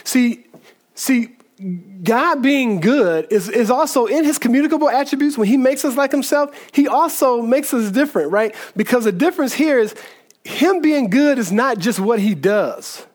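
A man's voice: very high voice, lively intonation, normal speed. A man preaching a sermon in a conversational way, often repeating words and checking in with "right?". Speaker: pastor.

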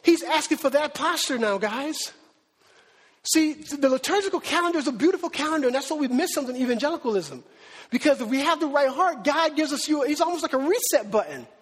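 The man speaks fast with a very high, slightly bright voice and lively intonation. As pastor in a church sanctuary, he gives a chatty sermon laced with rhetorical questions for the congregation, and a long reverb tail follows.

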